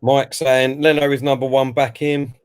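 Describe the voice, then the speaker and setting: A man's voice: mid-range voice, little pitch movement, moderate pace, clear, resonant tone. A man co-hosting a football watch-along stream, giving live commentary and reading out viewer comments before giving his own view. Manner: chatty, reads out chat messages and then gives his view.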